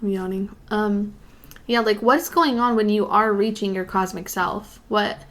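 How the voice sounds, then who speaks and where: This podcast co-host is a woman whose mid-range voice sounds fairly bright and moves a little slowly. She chats casually and freely, dropping plenty of "like" and "you know" fillers.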